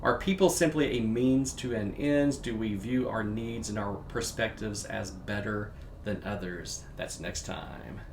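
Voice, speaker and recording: A man's voice: lowish voice, a little slow, gravelly, very noisy. A man with a Southern US accent, a pastor co-hosting a faith talk show, chatting in a friendly, joking way. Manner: friendly, joking, gives updates. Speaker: pastor and co-host. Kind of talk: casual podcast chat. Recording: roomy echo.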